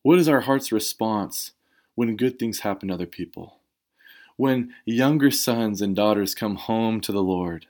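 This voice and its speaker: A man's voice: lowish voice, measured pace, darkish tone. A man preaching a sermon as a pastor, talking in a conversational and emphatic way, with casual asides to the congregation.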